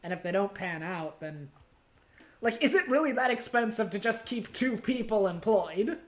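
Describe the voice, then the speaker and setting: A woman's voice: mid-range voice, lively intonation, moderate pace, faint music behind. A woman streaming a game, telling a long, rambling, bemused story with frequent laughs. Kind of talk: casual stream commentary.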